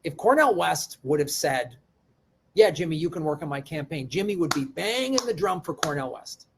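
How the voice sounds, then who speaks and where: Man commentator, critical and quick, slight hiss, a bit off mic. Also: on the high side, very animated. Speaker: commentator in a played clip. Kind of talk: casual commentary.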